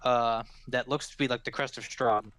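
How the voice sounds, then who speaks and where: A man's voice: mid-range voice, fairly even intonation, normal speed, fairly bright tone, no echo. Male game master, rambling narration full of fillers, close and dry.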